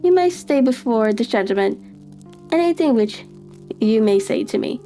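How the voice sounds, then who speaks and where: A woman's voice: fairly high pitch, animated, normal speed, dark tone, soft background music. A woman voicing a cool, dry-witted male detective in a live story reading.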